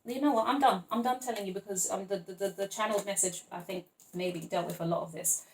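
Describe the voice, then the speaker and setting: Woman tarot reader, mid-pitched, loose and playful, lots of ums and laughs, recorded in an echoey room. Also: steady tone, fast talker, slight background noise. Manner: playful, rambling, chatty, with frequent laughs and fillers. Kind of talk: casual tarot reading to camera.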